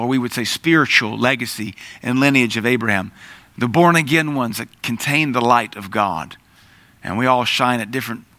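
Bright-voiced man preaching a sermon. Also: medium pitch, no echo. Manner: animated, acts out voices in the story. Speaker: Bible teacher.

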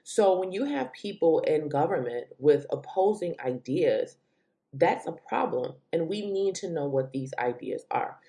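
A woman hosting her own commentary show, talking straight to her audience in animated, exasperated rants that jump suddenly up in pitch. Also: a little slow. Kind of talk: opinion commentary monologue.

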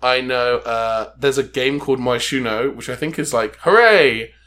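A man's voice: mid-range voice, fairly even intonation, normal speed, a bit bright. Man, podcast co-host, sarcastic, rambling, casual comedy chat. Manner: wry, sarcastic, rambling with restarts.

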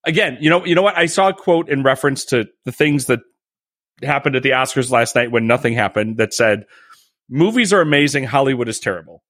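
A man's voice: medium pitch, a little fast, no echo, clean studio sound. A man co-hosting a casual podcast, joking around and riffing on impressions. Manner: jokey, animated, tries impressions. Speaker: podcast co-host. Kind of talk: casual true-crime chat.

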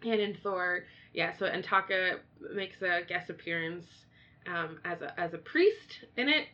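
A woman co-hosting a casual chat, rambling and animated with many fillers. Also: on the low side, measured pace. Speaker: podcast co-host. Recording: dull lo-fi sound.

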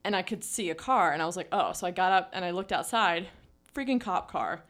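A woman's voice: on the low side, lively intonation, a little fast, a bit bright. A young woman co-hosting a podcast, telling a story in casual chat, full of "like" fillers. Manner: chatty storytelling with many "like" fillers. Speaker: podcast co-host.

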